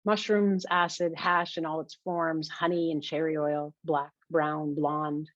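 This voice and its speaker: A woman's voice: deep voice, fairly even intonation, measured pace, few pauses, dry recording. A woman narrating a first-person novel in a confessional, wry way, in a muffled lo-fi recording. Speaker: audiobook narrator. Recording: dull, dry lo-fi recording.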